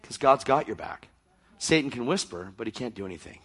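A male preacher delivering a fervent sermon, acting out scenes and swinging between shouting and near-whispers. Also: medium pitch, very animated, a little fast, slightly rough.

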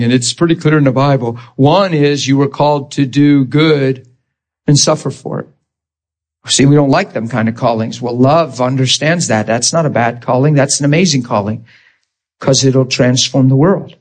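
A man's voice: medium pitch, normal speed, darkish tone. A man preaching a sermon, emotional and vivid, acting out scripture scenes and laughing often.

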